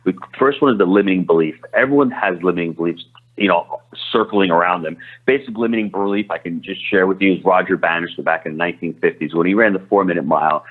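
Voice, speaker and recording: A man's voice: sits low, husky. A man answering interview questions as a podcast guest, talking energetically with frequent restarts. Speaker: podcast guest, real estate investor. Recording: tinny phone line.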